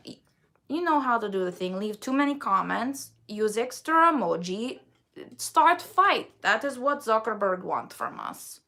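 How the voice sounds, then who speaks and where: A woman's voice: on the high side, a bit bright, voice pushed up, heavily acted. Woman in a broad, playful Eastern European put-on accent, drops little words. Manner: drops articles and small words. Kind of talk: livestream sign-off.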